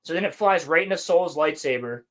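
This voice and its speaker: A man with a slightly higher-pitched voice rambles through a plot recap on a podcast. He is casual and sarcastic, and now and then he swears. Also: fairly quick, fairly bright tone. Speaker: podcast host reviewing a show. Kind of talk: casual chat.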